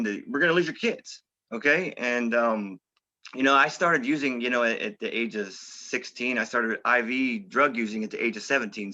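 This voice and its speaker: A middle-aged man speaks quickly in a bright, forceful voice, filling his talk with "you know" and street slang. The recording sounds a little dull and lo-fi. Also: medium pitch. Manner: conversational, peppered with "you know" and "okay?". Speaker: interview guest. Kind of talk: candid recovery story. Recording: slightly dull, lo-fi audio.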